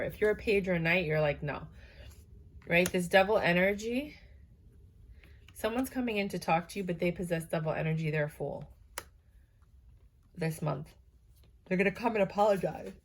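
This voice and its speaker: A woman's voice: lowish voice, slight background noise. A woman giving a casual, chatty tarot reading to her viewers, tired and yawning, with many fillers and asides. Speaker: tarot reader.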